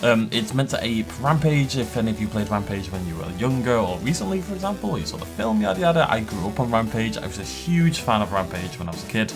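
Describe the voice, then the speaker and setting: A man's voice: lowish voice, expressive, a little fast, few pauses, music in the background. A man hosting a gaming channel, giving upbeat, joking let's-play commentary with frequent chuckles.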